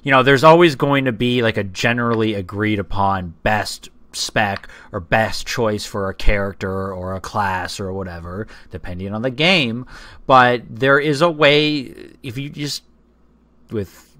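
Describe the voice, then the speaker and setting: A man co-hosting a casual podcast chat in a laid-back way, often trailing off quietly. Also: on the low side, dry recording. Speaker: podcast co-host.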